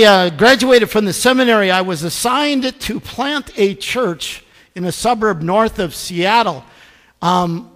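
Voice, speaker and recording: A middle-aged man preaching a sermon as pastor, telling stories with self-deprecating humor. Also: high voice. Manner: animated anecdotal storytelling, self-deprecating. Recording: long reverb in a church hall.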